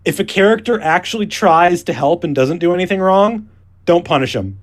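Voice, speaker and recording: A man's voice: high-pitched, lively intonation, moderate pace. A man co-hosting a casual podcast, starting his points hesitantly with fillers. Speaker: podcast co-host. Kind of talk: casual chat.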